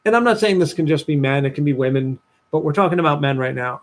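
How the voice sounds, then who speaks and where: A young man, a dating coach talking to viewers on a livestream, telling a personal story with lively voiced-out asides. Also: fast talker. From New Jersey, USA. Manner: animated storytelling, acts out his past self in a higher voice.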